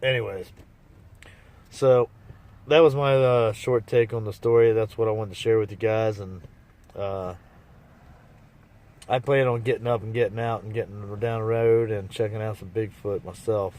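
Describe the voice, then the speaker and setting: Low-voiced man rambling folksily. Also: steady tone, normal speed, long pauses, darkish tone. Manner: rambling, folksy, restarts and trailing asides. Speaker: vlogger. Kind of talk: casual rambling monologue.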